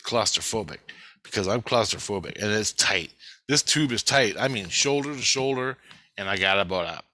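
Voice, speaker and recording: Rambling man with a bright, forceful voice. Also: lowish voice, no room sound. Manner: rambling, repeats himself, swears freely. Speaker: video blogger. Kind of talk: casual dream retelling to camera.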